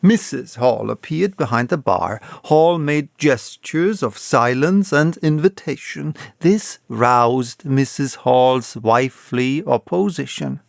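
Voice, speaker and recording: Slow, gravelly male audiobook reader. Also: mid-range voice, dry recording, clean studio sound. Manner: slow, expressive storytelling. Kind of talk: unabridged novel reading.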